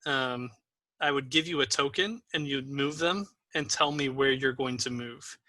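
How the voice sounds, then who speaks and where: Bright-voiced man running a tabletop game. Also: medium pitch, measured pace, no echo. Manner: patient, encouraging, with frequent ums. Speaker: game master. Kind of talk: explaining a tabletop game to new players.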